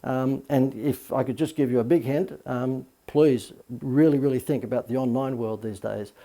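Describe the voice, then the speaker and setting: A man's voice: mid-range voice, fairly even intonation, moderate pace, dark tone. A middle-aged man who is a marketing coach, giving a casual spoken lesson on marketing with lots of fillers and the odd "okay?" tag. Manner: chatty, many fillers, asks "okay?". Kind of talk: casual video talk on marketing.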